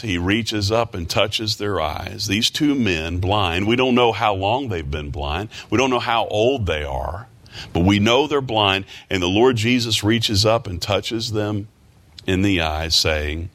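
Preacher man with a bright, forceful voice. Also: expressive, unhurried. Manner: rises to loud, high-pitched emphasis when preaching; reads scripture in old-fashioned wording. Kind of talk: prayer and sermon.

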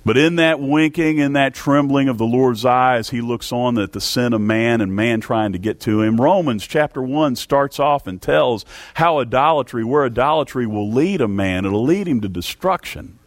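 Male preacher, fervent sermon delivery, mid pitch, dry recording. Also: moderate pace, hardly any pauses, no room sound. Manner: fervent preaching with big swings in pitch and loudness. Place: church service.

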